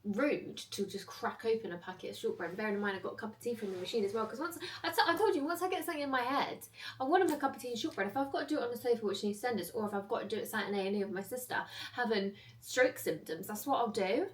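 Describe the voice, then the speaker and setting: A woman's voice: fairly high pitch, lively intonation, racing, far from the mic, slight background noise. A young woman from chatting casually to her phone camera, self-mocking and rambling as she tells stories. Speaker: vlogger. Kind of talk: casual vlog chat.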